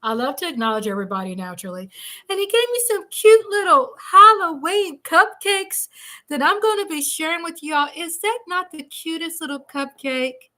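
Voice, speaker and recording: A woman's voice: very high-pitched, expressive, moderate pace, bright, forceful tone. A woman hosting a casual livestream from home, bubbly and chatty, laughing often. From Texas. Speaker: livestream host.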